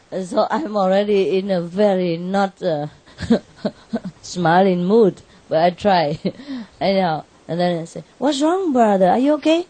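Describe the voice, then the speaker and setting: A woman telling an animated story to an audience in non-native English, laughing often and lifting her voice for her own quoted words. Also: lowish voice, no echo. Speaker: spiritual teacher addressing an audience.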